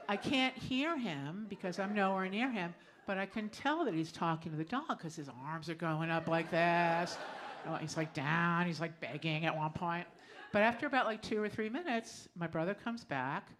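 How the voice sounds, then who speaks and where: A middle-aged woman performing a personal story live on a small club stage, conversational and often laughing as she tells it. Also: fairly low pitch.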